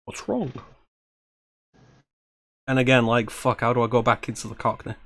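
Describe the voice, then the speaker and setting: A man's voice: mid-range voice, flat delivery, quick pace, fairly bright tone. A man chatting casually on a stream, his voice sitting in an ordinary middle register. He swears freely and makes fun of his own attempts at accents. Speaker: co-host reading a script. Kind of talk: casual chat.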